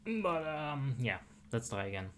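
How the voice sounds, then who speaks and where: A man's voice: mid-range voice, very animated, a little slow, a bit bright, slight background noise. A young man giving casual commentary while playing a game, chatty and self-deprecating, muttering asides to himself. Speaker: streamer.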